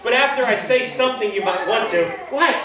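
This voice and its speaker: Man, high voice, rambling roast storyteller; distant mic in an echoey hall with a crowd. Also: fairly quick. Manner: rambling, laughing through his own stories. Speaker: roast speaker telling stories. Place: large hall at a birthday party.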